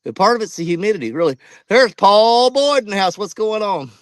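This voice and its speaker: A fishing channel host streams live from a riverbank, out of breath and greeting viewers by name. His high-pitched voice is brisk with lively intonation, and there's no echo.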